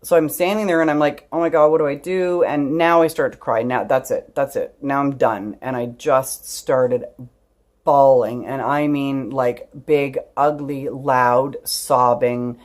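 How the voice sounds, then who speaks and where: A woman's voice: a bass voice, measured pace. A woman vlogger telling a personal story straight to camera in a candid, chatty way, swearing freely and laughing through tears. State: tearful.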